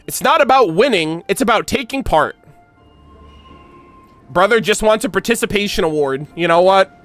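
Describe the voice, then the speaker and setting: Male streamer, high and very animated, excitable, profane, casual reaction. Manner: excitable, swears, gushes and laughs. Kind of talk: casual gameplay reaction, reading dialogue aloud.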